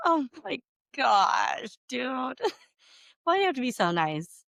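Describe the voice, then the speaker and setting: A woman whose first language is not English, telling a story on a podcast. She is animated, laughs often, swears freely and fills her talk with "like". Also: high-pitched, slow, no room sound, studio quality. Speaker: podcast co-host. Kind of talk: casual storytelling.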